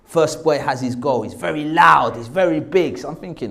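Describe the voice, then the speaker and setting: A man telling a lively personal story, acting out the voices of the people in it. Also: on the high side, moderate pace, vocal fry. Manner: animated, acts out quoted voices. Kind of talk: casual anecdote.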